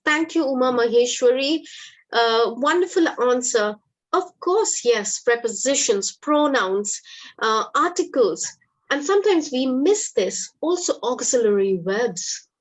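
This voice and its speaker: Upbeat woman teaching online. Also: high voice. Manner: upbeat, encouraging, quizzes the audience. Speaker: English teacher hosting a webinar. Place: online webinar.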